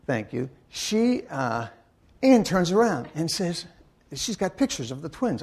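An older man giving a sermon in a church, telling wry stories in a halting way full of uh and restarts. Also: fairly high pitch, sing-song, a little mellow, slightly rough. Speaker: guest speaker and Bible teacher. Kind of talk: anecdotal sermon talk.

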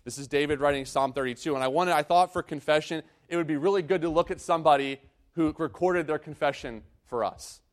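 Guy preaching a sermon, kinda high voice, earnest, keeps restarting his sentences. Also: fairly quick. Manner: earnest, repeats himself, restarts often. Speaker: pastor.

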